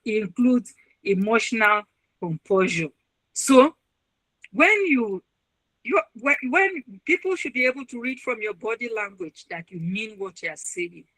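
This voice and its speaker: Bright-voiced woman giving earnest advice. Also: on the high side, dry recording, poor audio. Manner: earnest, advising, acts out quoted voices. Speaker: webinar speaker, university registrar and counselor. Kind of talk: motivational webinar talk.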